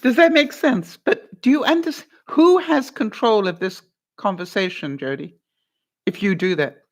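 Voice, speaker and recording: A woman's voice: medium pitch, moderate pace. A woman coaching someone through a hard conversation on her advice vlog. She talks in an encouraging, playful way, laughs often and keeps checking in with "all right?". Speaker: vlogger giving life advice. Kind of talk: coaching talk to a guest.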